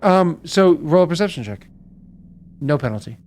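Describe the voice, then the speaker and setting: A man's voice: on the high side, animated, normal speed, a little mellow. A man narrating a tabletop game as game master, hesitant, with many fillers and restarts.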